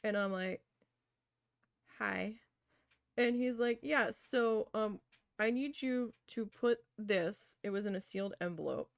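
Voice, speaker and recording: A woman's voice: mid-range voice, takes it slowly, gravelly, pauses often, no echo. A woman casually telling a long personal story while crafting, chatty, with many fillers, acting out what she and others said. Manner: chatty, lots of fillers, quotes herself animatedly. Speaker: crafting vlogger.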